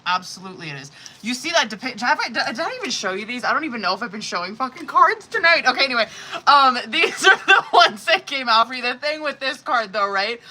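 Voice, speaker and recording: A tarot reader with a fairly high, bright, forceful voice runs a live-streamed reading fast, her pitch swinging widely. She's casual and rambling, swearing heavily with many fillers and exasperated asides, and the rough recording has slight background noise.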